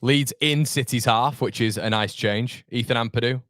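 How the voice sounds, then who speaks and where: A man in his thirties hosting a live football watchalong, chatting with viewers in an animated, rambling way that jumps between laughter and fed-up rants. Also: mid-range voice, normal speed, dry recording, studio quality. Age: 30s. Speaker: fan channel host.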